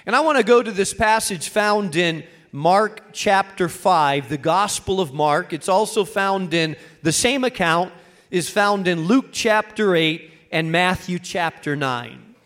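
High-voiced man preaching a sermon. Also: expressive, measured pace, a bit bright. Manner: earnest preaching, rising to emphatic peaks. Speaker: pastor.

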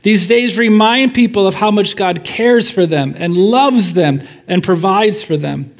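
A man's voice: high voice, unhurried. A man pastor giving a sermon in a church, praying and then preaching in a conversational way with fillers and asides.

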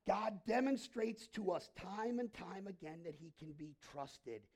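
A male pastor preaching a sermon, often asking the congregation questions and swinging between hushed and emphatic delivery. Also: sits high, lively intonation, unhurried.

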